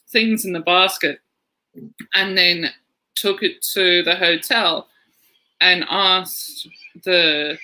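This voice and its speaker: Bright-voiced man telling stories. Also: sits high, low-quality recording. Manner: rambling storyteller, laughs through anecdotes. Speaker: podcast co-host. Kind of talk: casual chat.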